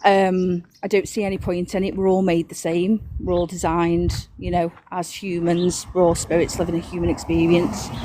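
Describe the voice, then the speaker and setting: A woman's voice: lowish voice, darkish tone, a little hiss or hum. A woman speaking on a live audio panel, talking casually and earnestly with many fillers.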